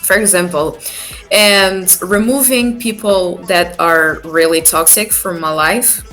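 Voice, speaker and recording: A woman speaks as a podcast guest, unhurried and halting, stopping on fillers as she searches for words. Soft music sits faintly behind her. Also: lowish voice. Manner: slow, halting, many fillers and restarts. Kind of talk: casual interview chat.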